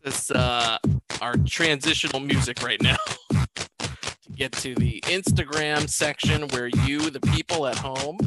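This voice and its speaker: A man hosting a casual film review podcast, animated and joking, quick to laugh. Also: mid-range voice, over loud music. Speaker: podcast host.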